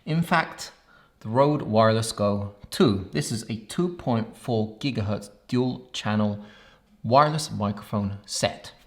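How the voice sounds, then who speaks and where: Low, gravelly man reviewing gear. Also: unhurried. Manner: enthusiastic, playful demo talk. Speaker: tech reviewer. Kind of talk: product review vlog.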